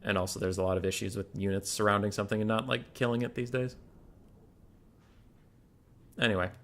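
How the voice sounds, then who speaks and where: A man's voice: lowish voice, flat delivery, fairly quick, a bit bright, a little hiss or hum. A man casting a strategy game tournament live on stream, chatty and prone to digressions, talking to his chat between calls.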